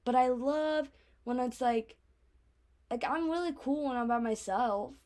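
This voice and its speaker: A woman's voice: sits high, a little slow, darkish tone. A teenage girl talking casually to her audience, rambling with lots of filler words. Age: teens. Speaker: vlogger. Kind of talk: casual chat.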